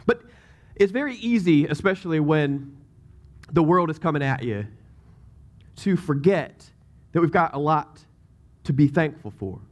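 A man's voice: fairly high pitch, animated, measured pace, long pauses. A man, a pastor, preaching a sermon in a conversational way, with joking asides and emphatic scripture readings.

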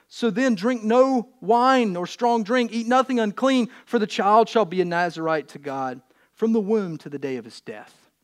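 A pastor works through scripture in a sermon, his voice sitting high for a man. He mixes careful reading with casual, humorous asides and animated retellings. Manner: conversational and humorous, with animated bursts when retelling.

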